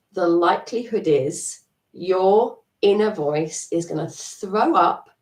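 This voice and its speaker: A woman's voice: lowish voice, vocal fry, a little mellow. A middle-aged woman coaching a live EFT tapping session, chatty and encouraging, laughing at herself. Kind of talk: live-stream coaching talk. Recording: echoey room, distant mic.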